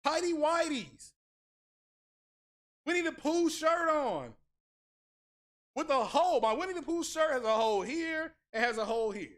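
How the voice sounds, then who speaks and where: A man's voice: very high-pitched, expressive, measured pace, pauses often, a bit bright. A man hosting a tech channel, ranting casually with sarcastic, mock-outraged exaggeration and crude, blunt language. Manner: crude, blunt street talk. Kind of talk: casual streamed rant.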